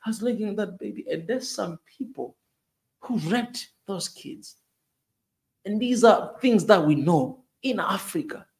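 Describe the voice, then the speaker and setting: A man's voice: sits high, lively intonation, a little slow, gravelly, a little mellow. An impassioned man, rising in outrage. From Tanzania. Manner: emotional, repetitive, says "man" often, voice rising in outrage. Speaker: online news commentator. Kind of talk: impassioned casual commentary.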